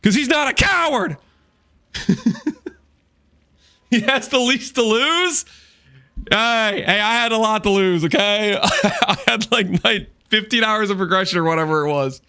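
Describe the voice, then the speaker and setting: A man's voice: high voice, a little slow, long pauses, pushed and bright, clear, resonant tone, dry recording. A young man live-streaming a game, telling stories theatrically and tacking "okay?" onto his points. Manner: theatrical storyteller, repeats "okay?" for emphasis. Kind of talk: casual live-stream chat.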